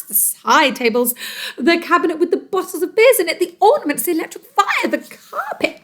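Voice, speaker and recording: A teacher reading a storybook aloud to children, expressive and dramatic. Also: female voice, high voice.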